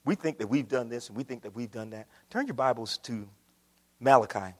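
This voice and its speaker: A man preaching a sermon to his church, swinging from quiet, low passages up to loud, shouted ones. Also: fairly quick. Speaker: pastor. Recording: long hall reverb.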